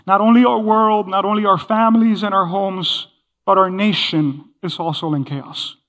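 Middle-aged man, pastor, conversational sermon, high voice, long church reverb. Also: steady tone, normal speed, a bit bright. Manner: conversational, acts out quoted voices, laughs often. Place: church hall.

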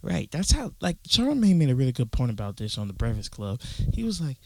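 A man's voice: medium pitch, fast, gravelly, few pauses, no room sound, low-quality recording. A young man hosting a casual solo podcast, rambling and cursing his way through a rant, recorded alone in his closet. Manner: profane, rambling, animated. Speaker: podcast host.

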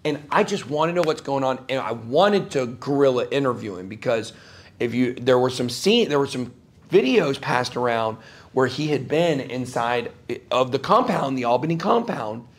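A man's voice: medium pitch, lively intonation, moderate pace. A man as an interview guest before a live audience, telling a story in an emphatic, rambling way, his voice jumping up sharply when he gets worked up.

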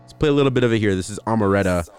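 Deep-voiced laid-back podcast host. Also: male voice, rapid-fire, darkish tone, clear, resonant tone. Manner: laid-back, retells clips in mocking voices. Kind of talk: casual chat.

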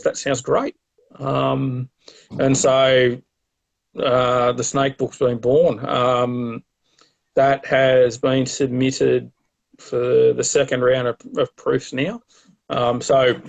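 Middle-aged Aussie bloke, gravelly voice, mid pitch, loose chatty guest with lots of ums. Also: male voice. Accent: Australian. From Australia. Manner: rambling, many fillers and restarts. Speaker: guest, herpetologist and author. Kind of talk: casual interview storytelling.

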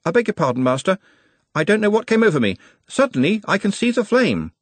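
Man doing a keen, deferential young servant boy, raised pitch, husky edge, storybook reading. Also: big pitch swings, fairly quick, dry recording. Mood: eager. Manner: earnest, cheerfully deferential. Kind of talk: audiobook character voice.

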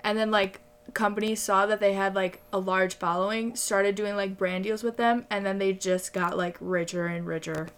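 A woman's voice: mid-range voice, flat delivery, normal speed, clear, resonant tone. A young woman guest on a podcast, chatting and telling stories with lots of filler words. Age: young adult. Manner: chatty, filler-heavy storytelling. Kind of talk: casual chat.

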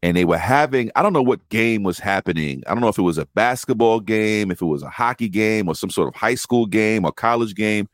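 A man telling rideshare driver stories in casual podcast chat, profane and animated, acting out the voices of people he quotes. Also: fairly low pitch, brisk, hardly any pauses, no room sound, clean studio sound.

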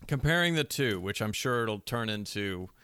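A man's voice: on the low side, lively intonation, normal speed, pushed and bright, clear, resonant tone, no room sound. A man co-hosting a podcast in laid-back, joking chat, often tripping over his words. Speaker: podcast co-host. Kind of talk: casual chat.

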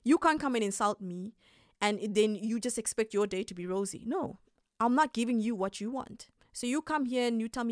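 A young woman hosting a podcast, giving calm, emphatic advice and laughing often. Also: on the high side, brisk, dry recording, studio quality. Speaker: podcast host.

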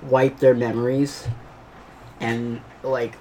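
A man's voice: mid-range voice, little pitch movement, takes it slowly, dark tone, a little hiss or hum. Casual man playing a tabletop game. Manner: casual, describes his actions plainly. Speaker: player.

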